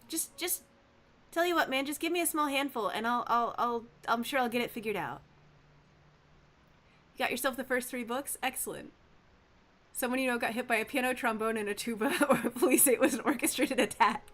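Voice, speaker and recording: A woman with a fairly high voice hosts a live game stream, talking casually to her chat. She is animated and playful, reacting quickly to whatever viewers type in.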